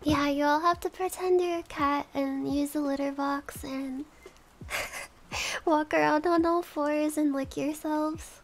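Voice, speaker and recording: A woman's voice: high-pitched, fairly even intonation, takes it slowly. A woman streaming casual chat, giggly, thanking subscribers one by one. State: has the hiccups.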